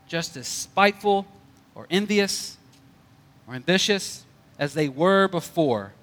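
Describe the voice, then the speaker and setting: A man's voice: a little high, a bit bright, big-room sound. A male pastor preaching a conversational sermon with light jokes.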